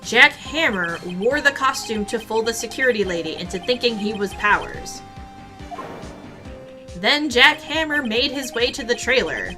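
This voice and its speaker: A woman's voice: on the high side, animated, moderate pace, over music, lightly acted. A woman voicing an earnest young male defense lawyer, arguing dramatically in a courtroom game playthrough. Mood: explaining.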